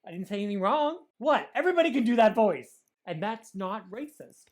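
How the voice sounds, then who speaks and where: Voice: mid-range voice, sing-song, a little fast, darkish tone. A drag show host in casual banter, campy and teasing, calling people darling and baby.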